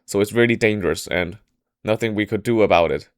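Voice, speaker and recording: A man's voice: on the low side, brisk, clean tone, no echo, clean studio sound, close to an everyday voice. A man voicing an older court minister who is troubled and indignant, in a casual storytelling style. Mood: secretive. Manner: hushed, confiding, then angry.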